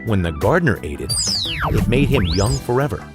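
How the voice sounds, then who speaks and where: Deep-voiced man reading a storybook. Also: sing-song. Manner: measured, vivid narration. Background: background music.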